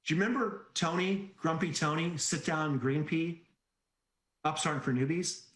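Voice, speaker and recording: Heard in an echoey room, a man with a somewhat high voice and moderate pace runs a sales training webinar. He tells anecdotes animatedly, cracking jokes and performing the voices of the people he quotes.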